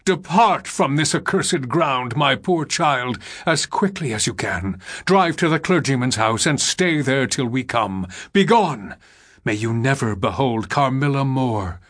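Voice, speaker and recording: A man's voice: medium pitch, animated, measured pace, fairly bright tone. A man reading the part of an agitated old general with a solemn, commanding delivery. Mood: stern. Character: agitated old male general, stern and grave.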